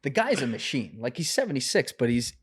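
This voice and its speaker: A man in his twenties, a podcast guest, telling a story in a casual, animated way, full of swearing and fillers. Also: medium pitch, a little fast, slight background noise. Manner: animated, profane, filler-heavy.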